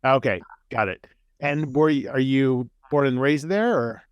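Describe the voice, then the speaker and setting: A man's voice: mid-range voice, a little slow, clean tone, dry recording, muffled recording. Stammering friendly man hosting an interview. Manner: friendly, stammering restarts, curious questions. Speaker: podcast host and author. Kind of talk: casual interview chat. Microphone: video call.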